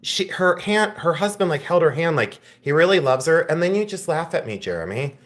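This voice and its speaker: A man's voice: a little high, expressive, a little fast. Chatty, joking man hosting a live sale. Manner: joking and teasing with chat, laughing often, then tender. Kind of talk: live-stream jewelry sale chat.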